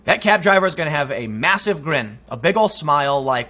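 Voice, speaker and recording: Male political commentator, emphatic and talky; forceful delivery with a husky rasp. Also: on the high side, lively intonation, fast talker, few pauses. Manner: emphatic, conversational, frequent restarts. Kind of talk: opinion commentary, storytelling.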